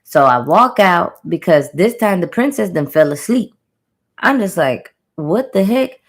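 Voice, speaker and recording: Young woman w a low voice, chatty and slangy, telling her dream straight to viewers. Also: very animated, unhurried. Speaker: spiritual reader sharing a channeled message. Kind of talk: casual storytelling to camera.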